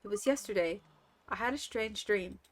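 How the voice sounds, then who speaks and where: A woman voicing a dreamy little village girl in a gentle, wondering way. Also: medium pitch, normal speed, slight background noise, natural voice. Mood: wistful.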